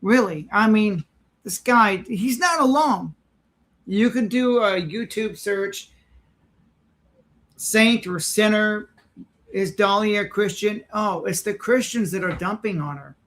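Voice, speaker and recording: Man with a high voice, indignant, sarcastic, reaction commentary. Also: slow, fairly bright tone.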